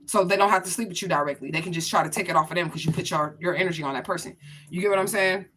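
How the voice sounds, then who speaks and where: A spiritual reader gives viewers a casual reading, blunt, profane and chatty as she talks straight to them. Her fairly low voice moves very fast and is a bit bright, with slight background noise.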